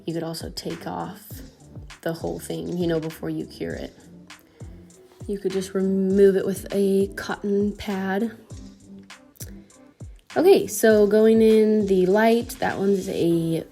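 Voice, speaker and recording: A woman's voice: on the low side, gravelly, mellow. A woman at home explaining how to apply her nails in a casual, chatty how-to voice. She is slightly out of breath and fills her talk with "um" and "like". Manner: chatty, friendly, instructional, with "um" and "like". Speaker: home nail tutorial host.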